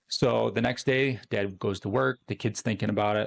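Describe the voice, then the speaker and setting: A man's voice: fairly low pitch, steady tone, normal speed, vocal fry, hardly any pauses. A man hosting a podcast, telling a story in an earnest, motivational monologue. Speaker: podcast host.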